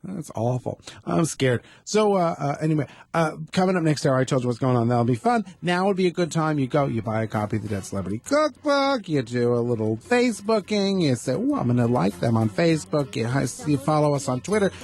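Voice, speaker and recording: A man's voice: a little high, very animated, brisk, few pauses, a little mellow. A man hosting a talk radio show, rambling through campy, self-mocking asides in a studio. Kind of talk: casual talk radio chat. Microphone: studio microphone.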